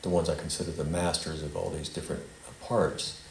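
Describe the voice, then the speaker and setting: A man's voice: very deep voice, flat delivery, brisk, gravelly, a little mellow. A man teaching a small group at a spiritual center in a meandering way, leading them in a repeat-after-me statement. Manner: meandering, leads call-and-response recitation. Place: meeting hall of a spiritual center. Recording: echoey hall with faint noise.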